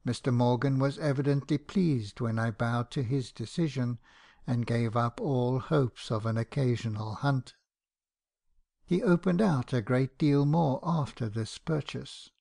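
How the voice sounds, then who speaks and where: Male audiobook narrator, mid pitch, gravelly texture, measured expressive first-person reading. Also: no room sound, clean studio sound.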